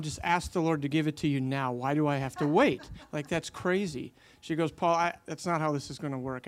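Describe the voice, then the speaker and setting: A man's voice: fairly high pitch, smooth. A man telling a long faith story in casual conversation, animating the quotes he tells, with many fillers.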